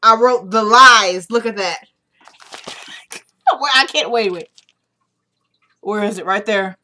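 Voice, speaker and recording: A woman casually recapping a TV episode, retelling scenes line by line and chatting excitedly with viewers. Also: medium pitch, takes it slowly, slight background noise. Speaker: TV episode reviewer. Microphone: camera microphone.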